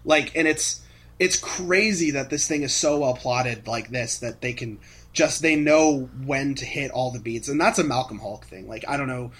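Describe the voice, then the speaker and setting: A man co-hosting a casual fan podcast, animated, laughing often as he retells scenes. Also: mid-range voice, normal speed, slightly rough. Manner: animated, laughs often, acts out characters' lines. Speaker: podcast co-host.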